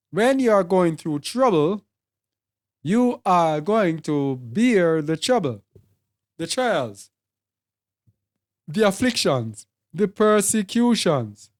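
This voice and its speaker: A Bible teacher with a Jamaican accent preaching a sermon, speaking deliberately and repeating and listing words for emphasis. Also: mid-range voice, sing-song.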